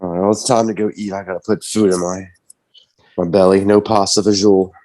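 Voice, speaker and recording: A man's voice: deep voice, level tone, brisk, mellow, dry recording. A man co-hosting a podcast in a playful, joking manner. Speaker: podcast co-host. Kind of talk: casual podcast chat.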